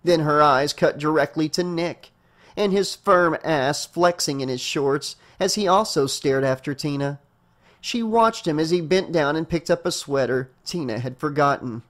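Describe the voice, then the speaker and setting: A man narrating a horror novel as an audiobook reader, with a steady storytelling delivery. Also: fairly high pitch, moderate pace.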